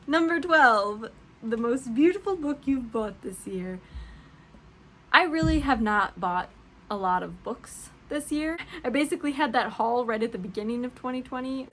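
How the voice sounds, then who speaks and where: A woman's voice: a little high, a bit bright, slight background noise. Gushing, chatty young woman book vlogger. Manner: gushing, chatty, laughs often. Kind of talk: casual book tag chat.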